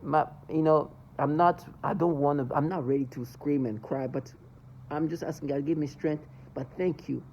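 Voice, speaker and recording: A man's voice: fairly high pitch, fairly even intonation, normal speed, darkish tone, highs cut off, a little hiss or hum. A man ranting angrily in a monologue to camera, cursing and agitated. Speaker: vlogger.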